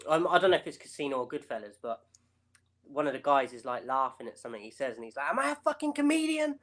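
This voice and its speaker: A man's voice: medium pitch, quick pace, fairly bright tone. A British man co-hosting a casual film review chat, searching for words and leaning on "like" and "um". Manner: hesitant, filler-heavy, lots of "like". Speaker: film podcast co-host.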